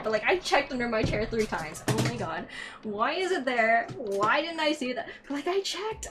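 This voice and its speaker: Woman gamer, scattered, rambling commentary with plenty of swearing; game music playing behind her. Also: a little high. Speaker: let's play gamer. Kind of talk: casual gameplay commentary.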